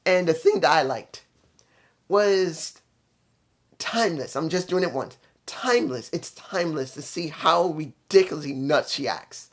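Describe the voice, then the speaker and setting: A man's voice: fairly high pitch, a little slow. A man giving a casual spoken review, blunt and opinionated, rambling from point to point. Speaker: wrestling show reviewer.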